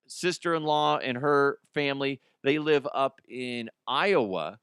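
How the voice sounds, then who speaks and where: Studio-quality audio with no room sound captures a man whose mid-range voice is a bit bright. Hosting his comedy podcast while mildly sick with the flu, this Colorado native rambles on in a self-deprecating monologue laced with crude humor.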